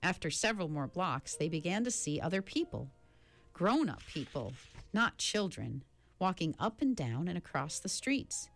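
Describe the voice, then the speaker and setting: A woman narrating a children's novel in an expressive reading voice. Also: normal speed. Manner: expressive reading with a lively pitch. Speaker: audiobook narrator. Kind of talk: storybook narration.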